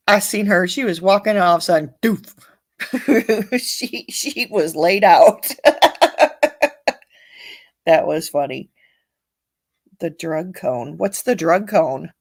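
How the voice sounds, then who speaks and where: A woman's voice: on the low side, slow pace, long pauses. A woman hosting a casual livestream, reading viewer comments aloud and chatting bluntly, with frequent swearing and laughter. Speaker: livestream host.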